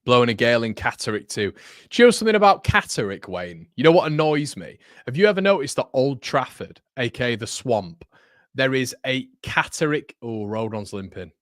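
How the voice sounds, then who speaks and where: A young man reacts live to a football match as he hosts a watchalong, chatting to viewers. He is excitable and swings from sudden shouts to low mutters. His voice sits at an ordinary pitch, and the sound is dry and close. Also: brisk, dry recording. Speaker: watchalong host.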